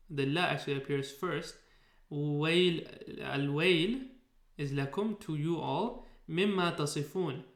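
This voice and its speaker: A male Arabic teacher explains a recorded online lesson, patient and unhurried, often restarting with fillers as he works through examples. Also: a little high. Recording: echoey room.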